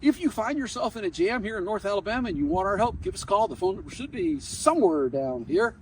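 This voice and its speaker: A male attorney telling a story about himself in a lively, self-mocking way on his vlog. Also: sits high, fast talker, far from the mic, slight background noise, poor audio.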